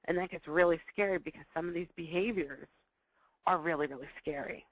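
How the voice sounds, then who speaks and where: A woman educator giving a recorded teaching talk to parents, repeating key points and acting out dialogues in lively voices. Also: lowish voice, a little fast, no echo, poor audio.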